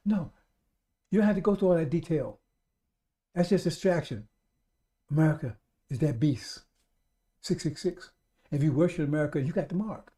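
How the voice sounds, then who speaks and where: A man's voice: high voice, normal speed, long pauses, warm tone. A man preaching a radio sermon, emphatic and repetitive, speaking straight to his listeners.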